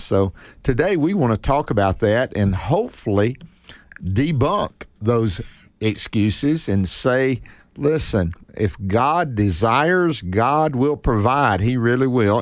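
An older man hosting a faith talk show in a folksy, unhurried, preacherly way. He restarts his sentences, repeating words as he goes. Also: medium pitch, dry recording. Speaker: host. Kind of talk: casual chat.

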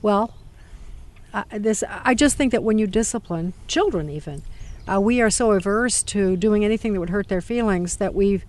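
A woman's voice: mid-range voice, normal speed, darkish tone. A woman hosting an interview, chatty, prompting her guest with questions. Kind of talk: conversational interview.

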